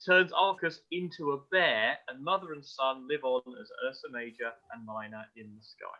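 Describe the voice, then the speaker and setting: A man's voice: mid-range voice, normal speed, bright, forceful tone. A man co-hosting an astronomy podcast, telling myths in a jokey, irreverent way. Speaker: podcast co-host. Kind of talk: casual chat about astronomy. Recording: dull lo-fi audio.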